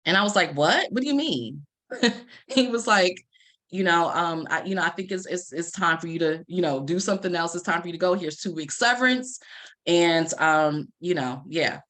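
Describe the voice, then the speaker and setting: Expressive woman telling her story. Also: lowish voice, normal speed. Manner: expressive storyteller, acts out quoted lines. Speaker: life coach and Reiki practitioner. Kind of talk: personal story told to an audience.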